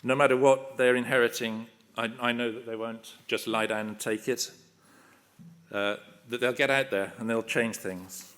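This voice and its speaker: A man's voice: mid-range voice, fairly even intonation, normal speed, a bit bright. Older man giving a wry acceptance speech. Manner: self-deprecating, humorous and anecdotal, with light laughs. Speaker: honorary award recipient. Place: ceremony hall.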